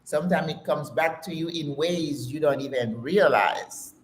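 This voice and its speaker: A woman's voice: low voice, a little slow, reverberant, slight background noise. A woman in her sixties hosting her own channel, giving an emphatic, preachy motivational talk and calling her listeners sis. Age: 60s. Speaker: channel host. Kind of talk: casual motivational talk to camera.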